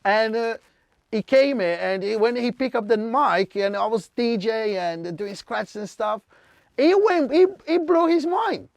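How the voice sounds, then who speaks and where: A man from Brazil, whose first language is Portuguese, telling stories in a casual podcast chat and acting out what people said with big jumps in pitch. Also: unhurried, vocal fry, no echo. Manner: animated, acts out quotes with big jumps in pitch. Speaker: DJ, podcast guest. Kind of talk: casual storytelling.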